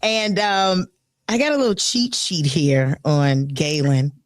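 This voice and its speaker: A woman's voice: on the low side, steady tone, takes it slowly, no room sound, clean studio sound. A woman hosting a live radio talk show, chatty and playful, with a bubbly, upbeat way of talking. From Chicago. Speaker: radio host.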